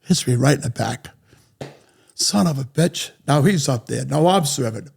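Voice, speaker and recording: Gravelly, husky man. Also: medium pitch, normal speed. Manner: blunt, profane, animated anecdote-telling. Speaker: interview guest. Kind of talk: casual storytelling.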